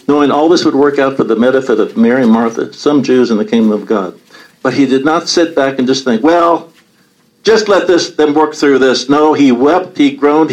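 A man's voice: mid-range voice, rough recording. A man leading a Bible study, reading scripture aloud and commenting on it earnestly.

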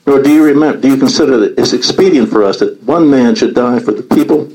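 A man's voice: medium pitch, quick pace, warm tone, low-quality recording. A man leads a small Bible study group. He reads scripture aloud, then stops to explain it in an earnest, teaching way.

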